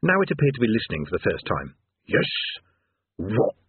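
Husky man narrating a comic fantasy. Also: on the low side, racing, no echo. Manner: lively, wry storytelling. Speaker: audiobook narrator. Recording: tinny phone-like dry sound.

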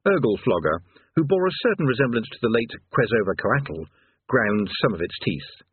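A man reading a comic fantasy story aloud in a lively, wry storytelling manner. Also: mid-range voice, normal speed, slightly rough, no room sound. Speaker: audiobook narrator. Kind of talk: scripted fantasy narration. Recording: tinny phone-like dry sound.

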